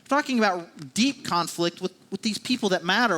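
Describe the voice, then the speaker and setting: A man's voice: high voice, animated, brisk, sharp tone. A man preaching a sermon as a pastor, talking in a conversational, self-deprecating way with many restarts and repeated phrases.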